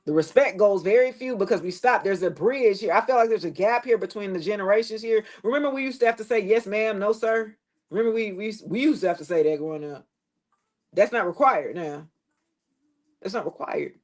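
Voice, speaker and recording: A woman's voice: mid-range voice, a little fast, a little mellow. Middle-aged woman, live-stream host, rambling and blunt, talks straight to camera. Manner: rambling, emphatic, blunt with swearing. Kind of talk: casual live-stream chat.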